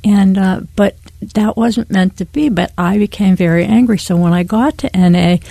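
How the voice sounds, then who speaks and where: A woman's voice: medium pitch, normal speed, creaky, dark tone, no echo. A woman sharing her personal faith testimony as a talk show guest, earnest and heartfelt, often near tears.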